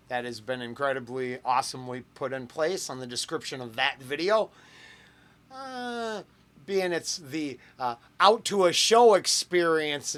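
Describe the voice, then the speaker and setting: Bright-voiced rambling male reaction host. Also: medium pitch. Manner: rambling, with fillers and self-corrections. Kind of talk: casual reaction chat.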